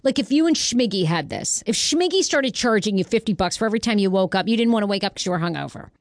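A woman co-hosting a casual talk show, chatty and animated, reading out stories from the news. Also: mid-range voice, fast, no room sound, clean studio sound. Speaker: co-host. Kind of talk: casual radio show banter.

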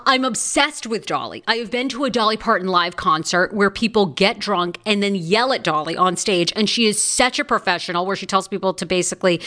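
A woman's voice: medium pitch, sharp tone. A woman hosting a live celebrity gossip podcast, chatty and gossipy. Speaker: podcast host.

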